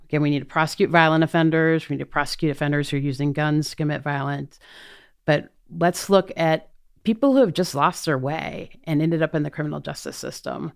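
A deep, creaky yet clear and resonant voice belongs to a middle-aged woman, a prosecutor in a race for district attorney. She answers interview questions briskly but earnestly, thinking on her feet with many fillers and repeated restarts.

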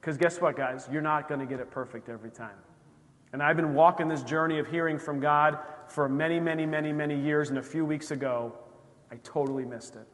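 A man's voice: on the high side, brisk. Man preaching in a reverberant church. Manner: animated storytelling, acts out dialogue. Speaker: pastor. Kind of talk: sermon. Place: church sanctuary.

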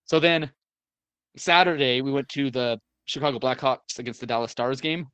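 A man's voice: mid-range voice, moderate pace, fairly bright tone, clear, resonant tone, dry recording. A man telling a long story in casual chat, rambling with many fillers and restarts and the odd swear word.

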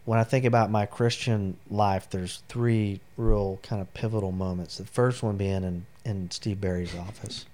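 A man's voice: on the low side, fairly even intonation, normal speed, hardly any pauses, darkish tone. A middle-aged man, a military veteran, telling personal stories as an interview guest in a rambling, heartfelt way with many fillers. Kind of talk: personal storytelling in a long interview.

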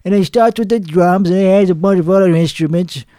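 Man doing a hoarse, cocky crude singer. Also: high voice, fairly quick, mellow, dry recording, clean studio sound, close to an everyday voice. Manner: rambling, profane, cocky riffing. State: hoarse from singing. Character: crude, boastful male singer, self-absorbed and rambling. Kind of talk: comedic character monologue.

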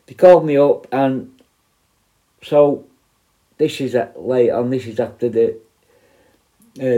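Rambling man with a dark voice. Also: medium pitch. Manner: rambling, self-correcting, acts out quoted voices. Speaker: prison negotiator telling a story. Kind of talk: casual storytelling.

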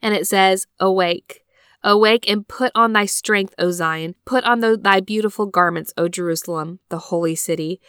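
A woman with a smooth, clear voice at a medium pitch hosts a devotional podcast. She reads scripture slowly, then reflects on it earnestly. The sound is dry and close, recorded on a laptop microphone in a small closet. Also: a bit bright, no room sound. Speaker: podcast host. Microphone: built-in laptop microphone.

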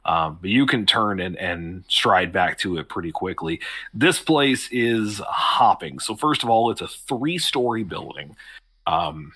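A man's voice: low-pitched, expressive, unhurried, sharp tone, breathy edge. A man narrating a tabletop game as game master, describing scenes in a rambling way with many ums and restarts.

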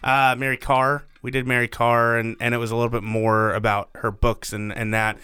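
A man's voice: medium pitch, little pitch movement, normal speed, pushed and bright, clean tone, no room sound. A man co-hosting a podcast in casual chat, joking and playful, laughing often. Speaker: podcast co-host.

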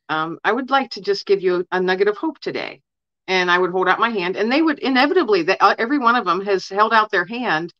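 A woman's voice: mid-range voice, bright, forceful tone, no room sound, lo-fi sound. A woman guest in an interview, earnestly telling personal stories in a casual way and often saying "you know". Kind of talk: casual storytelling.

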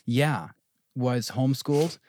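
A young man in his twenties from New Jersey with a New Jersey accent, a podcast guest talking fast and laughing often. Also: mid-range voice, a little mellow, no room sound. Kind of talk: casual conversation.

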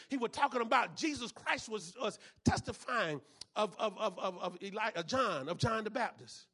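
A man preaching a sermon as pastor, repeating phrases and punctuating them with amens, swinging between hushed passages and loud ones. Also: very high-pitched, normal speed, husky.

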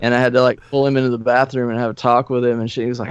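A middle-aged man, a podcast guest, telling old band stories in a relaxed, profane, laughing way. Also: mid-range voice, very fast, clean tone, no room sound. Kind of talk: casual storytelling. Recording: slightly muffled dry studio recording.

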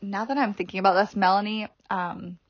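A woman's voice: mid-range voice, steady tone, fairly quick, no room sound. A woman hosting a solo podcast, talking casually and chattily with many fillers and frequent laughs. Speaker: podcast host. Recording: dry, slightly dull podcast audio.

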